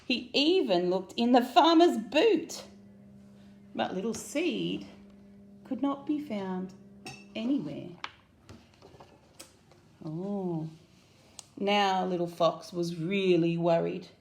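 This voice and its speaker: A woman with an Australian accent reading a picture book aloud to children, animated and asking them questions. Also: medium pitch, takes it slowly, gravelly, pauses often, slight background noise. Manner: animated, asks listeners questions. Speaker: children's story reader.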